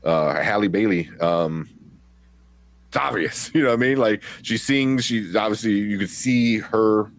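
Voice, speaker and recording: A man's voice: lowish voice, a little slow. A man co-hosting a live movie review show, talking casually and rambling with many restarts and fillers. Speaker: podcast co-host.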